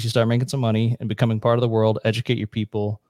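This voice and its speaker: An American man on a podcast, explaining history in a blunt, profane, brisk storytelling way. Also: on the low side, flat delivery, a little mellow, dry recording, studio quality. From United States. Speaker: podcast guest. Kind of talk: casual explanatory chat.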